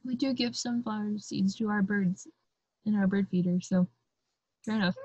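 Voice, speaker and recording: A woman's voice: medium pitch, steady tone, moderate pace, warm tone, husky, dry recording, muffled recording. A woman hosting a podcast, chatting in a bubbly, rambling way with many ums as she wraps up the episode. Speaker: podcast host. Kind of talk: casual chat, sign-off.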